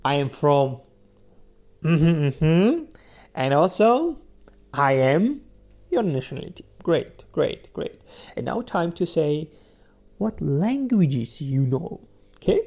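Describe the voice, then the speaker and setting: Slow, mellow-voiced language teacher. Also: mid-range voice, big pitch swings. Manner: patient, repeats each word several times as a drill. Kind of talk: beginner language lesson podcast.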